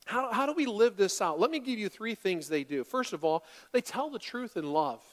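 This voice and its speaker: A woman in her forties, a pastor preaching a sermon to a congregation in a church, animated and dramatic, dropping to quiet asides and rising to loud bursts. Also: mid-range voice, normal speed. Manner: animated, acts out quoted voices, swings from quiet to loud.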